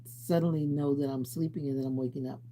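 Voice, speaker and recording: A man's voice: on the high side, fairly even intonation, fast, dark tone, a little hiss or hum. A congested, sleepy man chatting casually with viewers on his livestream, rambling as he snacks. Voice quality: stuffy, congested. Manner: rambling, talks while snacking and reading chat. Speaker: livestream host.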